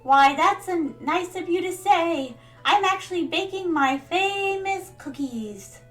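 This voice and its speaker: A woman voicing a sweet, doting old grandmother villager in a video game, speaking gently and slowly. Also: very high-pitched, animated, faint music behind, pitched above the performer's own voice, exaggerated voice. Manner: gentle, slow and sugary, calls people dear.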